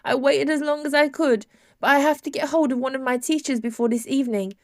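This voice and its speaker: A woman voicing a distressed grown-up sister near tears, pleading in a raised, high voice. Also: steady tone, a little fast, a little mellow, no echo, studio quality. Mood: sobbing. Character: distressed tearful grown-up sister, anxious, self-blaming. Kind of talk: audiobook character reading.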